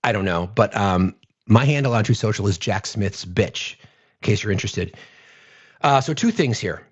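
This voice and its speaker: A man's voice: on the low side, expressive, moderate pace, breathy edge, dull audio. A man doing casual political commentary on a live stream, blunt and sarcastic, cursing freely.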